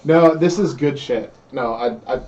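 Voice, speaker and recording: Excitable, joking man, a bit distant. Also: medium pitch, a little slow, dull audio. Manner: excitable, joking, swears freely. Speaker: player. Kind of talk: casual banter among friends.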